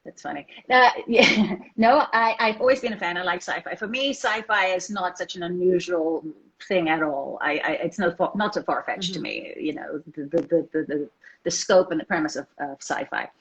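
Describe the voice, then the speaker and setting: Woman, South African accent, fast speech, frequent restarts, dull lo-fi sound. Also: on the low side. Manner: fast talker, many restarts. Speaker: actress guest. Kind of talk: casual interview chat. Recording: dull lo-fi audio.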